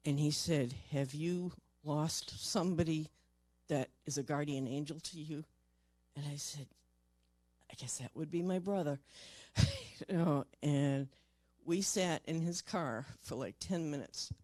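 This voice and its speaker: Older woman, mellow voice, halting emotional storyteller, dry close sound. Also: sits low, no room sound. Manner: halting, repeats words, voice drops soft in tender moments. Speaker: paranormal investigator.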